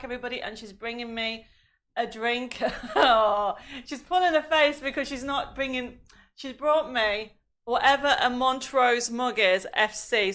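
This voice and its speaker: Coughing and losing her voice, a woman hosting a live craft show from home reads out greetings from viewers and chats with them. The voice is fairly high and fairly bright, with a slight strain.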